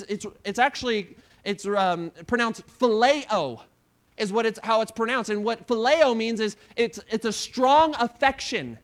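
A high-pitched man preaching a sermon with a lilt. He drops to near-whispers in one stretch and builds to forceful peaks in the next. He stumbles over words and repeats himself as he goes. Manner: dramatic retelling, swings from hushed to loud; repeats words and restarts often. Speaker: pastor.

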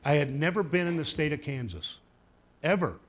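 A man's voice: fairly high pitch, very animated, normal speed. A male pastor preaching a sermon, telling a personal story in a folksy way with humorous asides to his congregation.

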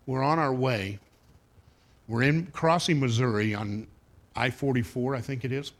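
A man's voice: medium pitch, a little slow. A male pastor preaching a sermon, telling a personal story in a folksy way with humorous asides to his congregation.

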